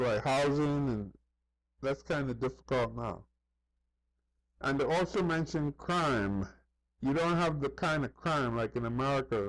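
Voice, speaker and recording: A man's voice: medium pitch, no room sound, rough recording. A man vlogging in a casual, chatty way, often checking in with the listener as he talks. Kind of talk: casual commentary to camera.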